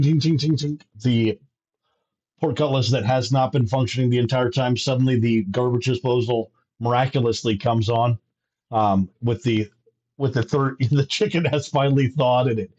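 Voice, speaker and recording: A man's voice: mid-range voice, darkish tone. A man narrating a live-streamed tabletop game as game master, joking, laughing and stumbling over his words. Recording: dull lo-fi stream audio.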